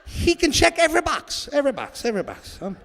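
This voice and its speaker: A man's voice: very high voice, wildly swooping pitch, fast, vocal fry, a bit bright. A man performing a stand-up comedy set, joking and riffing with an audience in a church hall.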